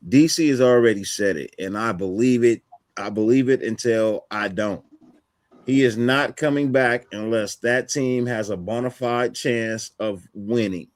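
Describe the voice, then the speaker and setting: A man's voice: mid-range voice, a little slow, dry recording. A man on a casual sports podcast, firm and emphatic, repeating his points to drive them home.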